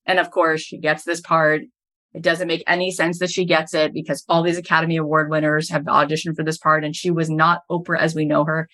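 A woman's voice: deep voice, little pitch movement, fairly quick, pushed and bright. A middle-aged woman, a podcast host and business coach, telling stories as a guest in an interview and building each anecdote to its punchline.

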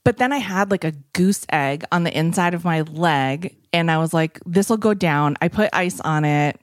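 Chatty low-voiced woman telling a story. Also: moderate pace, no echo, studio quality. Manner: chatty, many "like" fillers, acts out quoted speech. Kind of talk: casual storytelling chat.

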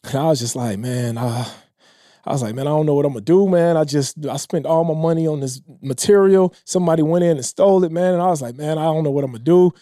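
A man with a high but dark, mellow voice tells a personal story in easy, casual speech. His voice sinks low and soft whenever he quotes someone else. It is recorded close and dry, with no room sound. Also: quick pace, no room sound. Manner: emotional, drops low and quiet when quoting others. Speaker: podcast guest.

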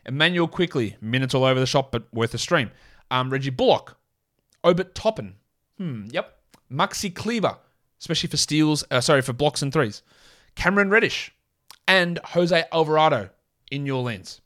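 A man with an Australian accent hosting a solo fantasy basketball podcast, rattling off player lists and quickly correcting himself. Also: on the high side, expressive, fairly bright tone. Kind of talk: casual solo podcast talk.

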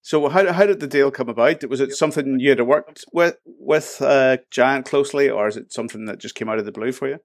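A man's voice: medium pitch, brisk, few pauses, no echo, clean studio sound. A man hosting a podcast, chatting casually and asking friendly questions, laughing easily along the way. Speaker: podcast host.

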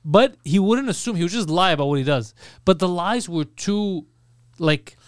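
A man's voice: high voice, normal speed, no echo, clean studio sound. A man, casually telling a family story on a podcast and swearing freely. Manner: animated storyteller, swears freely, acts out quotes. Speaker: podcast co-host.

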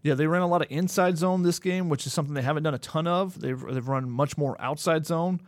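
Fast-talking and fairly high-pitched, this male co-host of a sports podcast analyzes plays in close detail, sometimes repeating a word. The recording has no echo.

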